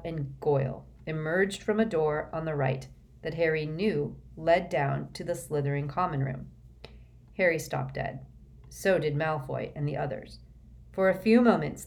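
A woman reading a storybook aloud in a steady, measured way. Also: deep voice. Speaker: audiobook reader. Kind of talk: storybook narration.

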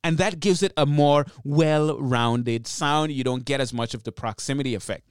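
A man's voice: medium pitch, moderate pace, clear, resonant tone, dry recording, clean studio sound. A man hosting a podcast, explaining how to record in a chatty, instructional way at a podcast microphone with a pop filter. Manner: chatty explaining, demonstrates mic technique. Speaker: podcast host. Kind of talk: instructional talk. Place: small home podcast studio.

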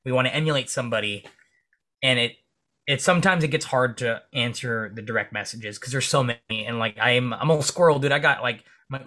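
A man speaking as a police officer and podcast guest. He tells energetic stories in casual interview chat and swears freely. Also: a little fast. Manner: acts out dialogue in comic high voices.

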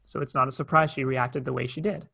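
Bright-voiced man telling a personal story. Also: medium pitch, fast, creaky. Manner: candid, conversational, animated retelling. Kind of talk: storytelling talk.

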